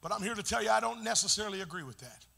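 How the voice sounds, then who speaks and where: A man preaching a sermon in call-and-response style, chanting and building to shouts. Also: high voice, expressive, racing, vocal fry.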